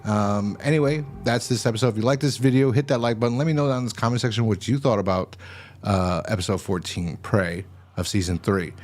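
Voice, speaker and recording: A man's voice: lowish voice, steady tone, brisk, a little mellow. A man hosting a casual TV episode review, recapping the plot in a rambling way and often restarting his sentences. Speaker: show host reviewing TV episodes.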